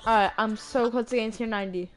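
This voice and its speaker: A woman's voice: a little high, steady tone, fast, faint music behind. A young woman chatting casually with friends while playing a game, often trailing off with fillers. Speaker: gamer streamer. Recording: faint noise and clicks.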